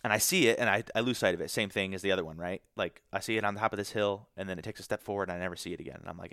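A man from Michigan tells a story as a podcast guest, talking fast and loose with lots of "like"s and with real feeling in his voice. His voice sits a little low, and the sound is close and dry, with no room around it. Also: fairly even intonation, fairly bright tone, smooth, no room sound. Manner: emotional, many "like" fillers. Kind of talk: casual storytelling.

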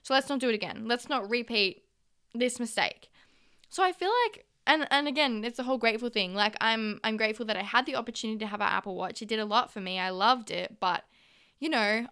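A woman's voice: fairly high pitch, fast, bright, forceful tone, clear, resonant tone. A young Australian woman in her twenties, hosting a podcast alone, talking in a chatty, candid and sweary way and acting out her own reactions. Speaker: podcast host. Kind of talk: casual solo podcast monologue.

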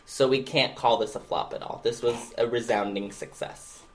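Deadpan sarcastic man on a podcast. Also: mid-range voice, normal speed. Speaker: podcast co-host. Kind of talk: casual chat.

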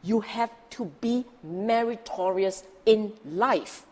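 Female dharma teacher, unhurried, emphatic, rhetorical questions; long hall echo. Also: mid-range voice, darkish tone. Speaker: Buddhist teacher. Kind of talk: dharma talk.

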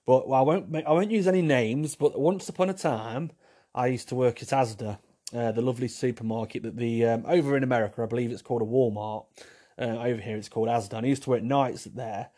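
A man hosts a solo podcast and chats loosely through listener questions. He talks at a middling pitch, wanders off track and trips over his own words. Now and then he makes a wry joke at his own expense. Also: fast, dark tone. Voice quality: rambling, repeats himself, wry self-mocking humour. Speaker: podcast host. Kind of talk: casual solo chat answering listener questions.

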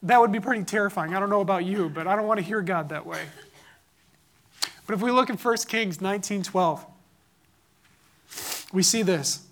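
A man's voice: high voice, moderate pace, pauses often, a bit bright, slight background noise. A man giving an earnest, impassioned sermon-style testimony, telling a personal story about his son. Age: adult father.

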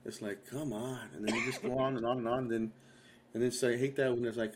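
A man's voice: mid-range voice, flat delivery, fast, a little hiss or hum. A man co-hosting a casual group chat over a video call, teasing and swearing freely. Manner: teasing, profane trash talk. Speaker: podcast co-host.

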